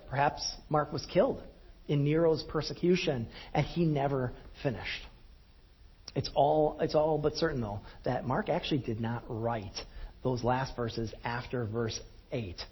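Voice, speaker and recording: A man's voice: a little high, husky. A man preaching a sermon, telling a self-deprecating story in a conversational way and laughing at himself. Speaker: pastor. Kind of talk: sermon with personal anecdote. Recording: dull lo-fi recording.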